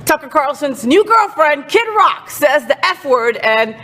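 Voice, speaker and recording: A woman's voice: sits high, very animated, measured pace, pushed and bright, long reverb tail. A woman hosting a casual entertainment news chat, sassy and outspoken. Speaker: host.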